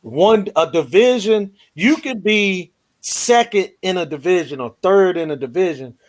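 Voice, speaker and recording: Higher-voiced man agreeing in boxing chat. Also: animated, unhurried.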